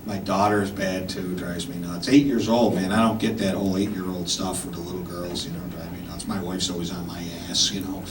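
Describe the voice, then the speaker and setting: A man's voice: deep voice, little pitch movement, a little fast, hardly any pauses. A man in his fifties performing a stand-up comedy set, rambling and punchy, tossing in "right?" and "man" as he goes. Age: 50s. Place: comedy club stage. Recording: echoey club mic heard from far off, audience noise. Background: audience laughter.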